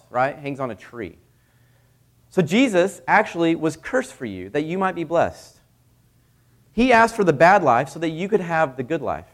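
A male pastor delivering a sermon earnestly, moving between emphatic and quiet passages. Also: a little high.

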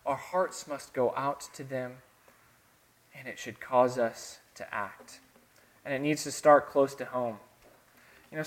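Earnest Southern man preaching a sermon. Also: mid-range voice. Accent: Southern American. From American South. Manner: earnest, dramatic swings between soft and emphatic. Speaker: pastor.

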